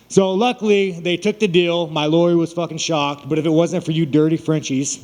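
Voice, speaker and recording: A man's voice: a little high, fairly even intonation, brisk, hardly any pauses, a little mellow, in a large hall. A man in his thirties, a fighter talking to the press, telling a long story in crude, rambling language and laughing often. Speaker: fighter at media day. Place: media event room.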